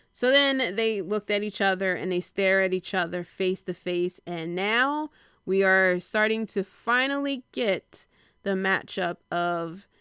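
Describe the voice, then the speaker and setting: Female podcast host, casual solo recap; very smooth, resonant tone, close and dry, rambling with many "um"s. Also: medium pitch, a bit bright, no echo. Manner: rambling, with frequent filler pauses.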